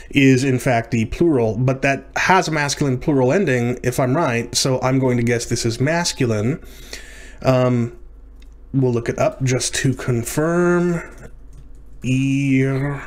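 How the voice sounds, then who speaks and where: A man teaching from his computer, thinking aloud as he works through exercises, correcting himself and sounding out words. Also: medium pitch. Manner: thinking aloud, self-correcting, frequent fillers. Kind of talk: screen-recorded lecture practice.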